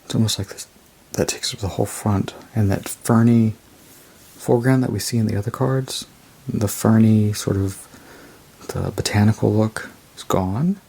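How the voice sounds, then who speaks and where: A man casually reviewing a tarot deck, rambling and unhurried as he describes each card. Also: lowish voice, fairly even intonation, creaky, mellow, breathy edge. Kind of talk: casual show-and-tell review.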